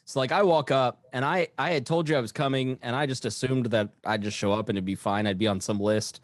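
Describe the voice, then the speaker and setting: Dry-sounding man telling an animated story. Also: medium pitch, fairly quick, no echo. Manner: animated storytelling with acted quotes. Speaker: podcast co-host. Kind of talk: casual chat.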